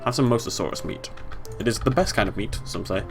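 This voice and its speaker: A man's voice: on the low side, fast talker, creaky, music in the background. A young British man giving casual, chatty let's play commentary, playfully talking to the game animals.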